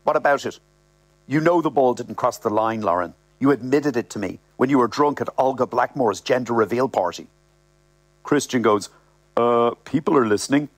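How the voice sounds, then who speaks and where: A man reading a comic novel aloud in a wry, deadpan way. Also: medium pitch, normal speed, no echo. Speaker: story reader.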